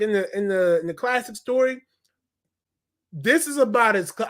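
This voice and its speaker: A man reviewing a movie in casual, slangy talk, acting out quotes in an animated way. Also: high-pitched.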